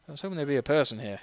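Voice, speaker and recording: A man's voice: a little high, no room sound. A man giving casual let's-play commentary while tipsy, rambling and self-deprecating, laughing often as he talks. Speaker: game streamer.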